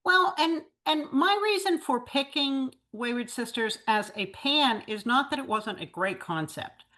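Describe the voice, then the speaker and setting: A woman moderating a casual fan chat, giving a measured, hesitant critique. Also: high-pitched, expressive, sharp tone.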